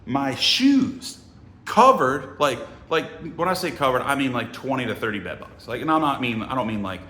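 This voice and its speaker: Middle-aged man, casual profane storyteller, bright voice, echoey room. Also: mid-range voice, fairly quick, a little hiss or hum. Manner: animated, profane, acts out other voices. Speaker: sales trainer telling a story.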